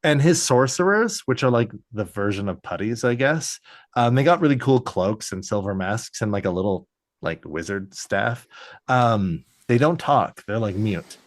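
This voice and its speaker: A man's voice: lowish voice, expressive, moderate pace, dry recording, studio quality. A man co-hosting a podcast, recapping a film in rambling casual chat with lots of fillers. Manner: rambling, filler-heavy storytelling. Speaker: podcast co-host.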